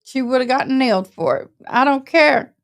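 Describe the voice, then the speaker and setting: Brief: woman, slightly high voice, animated casual storyteller with a colloquial delivery who mimics others. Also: moderate pace. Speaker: service dog handler.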